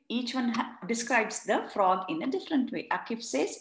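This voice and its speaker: A woman's voice: on the high side, normal speed, hardly any pauses. A woman leading an interactive read-along for children, explaining words and retelling each page. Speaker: storyteller. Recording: roomy echo.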